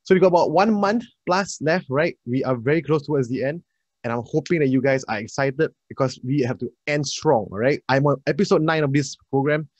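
A man, an energetic, chatty math tutor leading a live online class and addressing his students directly. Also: on the high side, fairly quick, dry recording, muffled recording.

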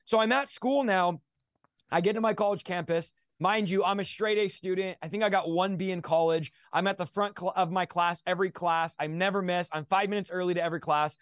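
A man's voice: high voice, fairly even intonation, fairly quick, no echo, clean studio sound. A man in his thirties, a guest in a livestream interview, telling his testimony with a passionate, preacher-like drive.

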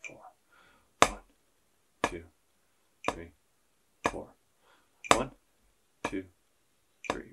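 A man's voice: sits low, animated, very slow, long pauses, very noisy. A man teaching a beginner percussion lesson, counting beats aloud and joking with his students. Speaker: school band teacher.

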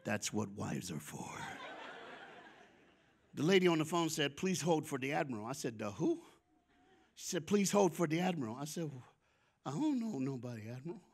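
A man delivers a storytelling sermon to a church crowd. His voice sits fairly high, and his slangy, casual delivery lurches from near-shouts to hushed asides as he gets the room to answer back. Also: moderate pace, creaky, long pauses. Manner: lively storyteller with sudden shifts between loud and soft, chuckling. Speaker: guest speaker at a church. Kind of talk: storytelling sermon with call-and-response. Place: church before a congregation.

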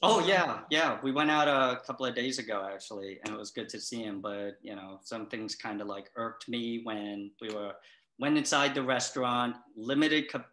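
A man's voice: medium pitch, bright, forceful tone. Rambling man in an echoey room. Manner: rambling, halting, with many restarts. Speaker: patient in a comedy sketch. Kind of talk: deadpan comic storytelling.

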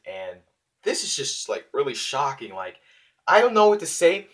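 A man casually reviewing a manga chapter on his channel, excitable and rambling. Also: medium pitch, normal speed. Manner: excitable, lots of fillers and restarts.

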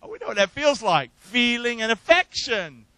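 A pastor delivers his sermon in a high, bright voice, coaxing the congregation to say lines back with him. He rises to loud, emphatic calls, then drops into quiet asides, all captured dry and close. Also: sing-song, normal speed, no room sound, low-quality recording. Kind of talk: sermon with call and response.

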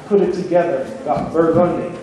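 A man's voice: fairly high pitch, steady tone, moderate pace, dark tone. A man with a Jamaican accent preaching a sermon on prophecy, drawing amens and answers from the congregation in an emphatic way. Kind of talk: prophecy sermon with call and response. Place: church hall. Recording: echoey church hall.

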